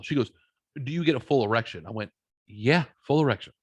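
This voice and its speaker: A man's voice: medium pitch, quick pace, no echo. A man in his thirties telling a story in casual podcast chat, blunt and profane, acting out both sides of the conversation. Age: 30s.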